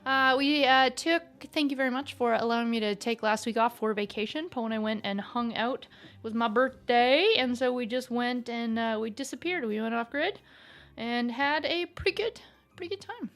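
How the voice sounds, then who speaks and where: High-voiced playful woman streamer. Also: moderate pace, a bit bright. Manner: playful and giggly, greets chat by name. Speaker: live-stream host. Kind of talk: casual live-stream chat.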